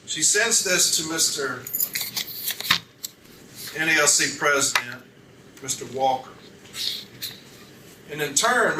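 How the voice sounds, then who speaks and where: Male union advocate at an arbitration hearing, methodical, reads out exhibits page by page, mid-pitched, recorded from across a reverberant room with steady noise. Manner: methodical, citing page numbers and reading documents aloud. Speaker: union advocate questioning a witness. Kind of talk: arbitration hearing cross-examination. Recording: roomy, distant mic with background noise.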